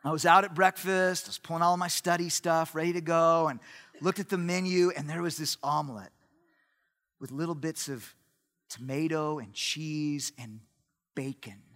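A man preaching a sermon in a church hall, animated and emphatic with humorous asides. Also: on the high side, normal speed.

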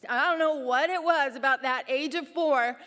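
High, lively woman telling faith stories. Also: normal speed, big-room sound. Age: middle-aged. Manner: animated storyteller, acts out quoted voices. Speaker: mother speaking to mothers. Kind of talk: faith-based talk with personal stories.

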